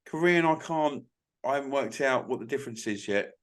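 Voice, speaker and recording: A man co-hosts a casual drinks podcast in loose, rambling banter. He swears freely and often stops to restart or correct his sentences, with an even, mid-pitched voice. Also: brisk. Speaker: podcast co-host.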